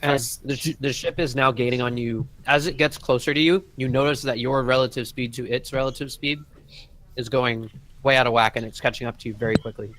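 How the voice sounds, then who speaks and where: A man running a tabletop session as dungeon master. He narrates in a relaxed, rambling way, full of ums and you-knows, at a middling pitch. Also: brisk, slight background noise.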